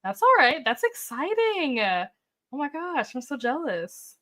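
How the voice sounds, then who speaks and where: Hosting a laid-back book livestream, this woman speaks at a measured pace in a high, somewhat bright voice with large pitch swings. She chats with her viewers, answers their comments with cheerful oohs and okays, and muses out loud using fillers.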